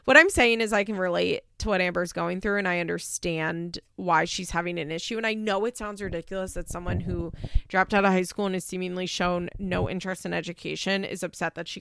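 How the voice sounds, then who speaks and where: A woman hosts a laid-back recap chat from her home, rambling with plenty of "like" fillers and the odd swear word. Her voice has a strong gravelly fry at the ends of her phrases. The sound is dry and close, with no room echo. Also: on the low side, fairly bright tone. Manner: chatty, swearing, frequent "like" fillers and laughs. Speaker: podcast host recapping a reality show. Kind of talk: casual chat.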